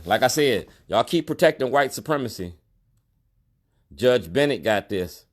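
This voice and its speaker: A man's voice: mid-range voice, animated, unhurried, slight background noise. A middle-aged store owner speaking straight to the camera in a protest monologue, colloquial and emphatic, repeating his key lines. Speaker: store owner and activist vlogger.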